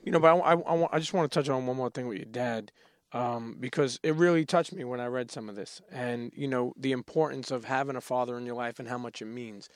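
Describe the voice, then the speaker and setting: A man hosting a podcast interview, earnest and halting, restarting his sentences. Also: medium pitch, dry recording. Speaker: podcast host. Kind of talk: casual interview.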